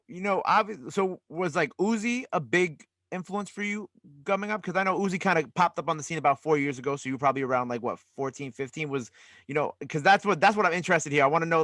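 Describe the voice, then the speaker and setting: Fast-talking male interview host. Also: a little high, pushed and bright, dry recording, clean studio sound. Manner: eager, rapid questions with many restarts. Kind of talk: casual interview chat. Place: interview studio.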